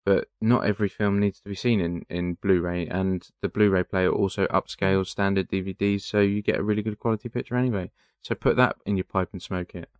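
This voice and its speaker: A man's voice: deep voice, steady tone, brisk, hardly any pauses, no room sound. A man co-hosting a casual podcast, giving sarcastic, ranting answers. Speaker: podcast co-host. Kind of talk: casual chat.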